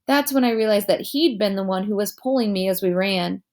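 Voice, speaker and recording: A woman reading a children's novel aloud, her narration lively and her pitch in the middle range. She tells the story plainly and gives each character a voice of its own. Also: fairly quick.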